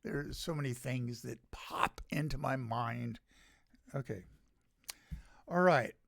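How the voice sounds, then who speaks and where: An older American man hosts his own show, ranting in a halting, sardonic way, with many pauses as he searches for words. His voice is gravelly and he speaks at an unhurried pace. The recording is dry and close, with little room sound. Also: mid-range voice, a bit bright, no room sound. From United States. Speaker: podcast host. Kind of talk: solo opinion rant.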